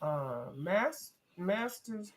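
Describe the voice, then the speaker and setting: Animated woman chatting on a livestream. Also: very slow. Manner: animated, mimics ad characters in high voices. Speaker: livestream co-host. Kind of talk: casual chat.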